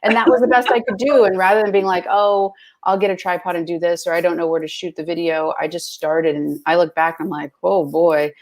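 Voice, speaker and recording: A woman's voice: on the low side, steady tone, fast talker. A woman guest in casual conversation, talking freely and chattily with lots of fillers. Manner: chatty, full of fillers like "like" and "you know".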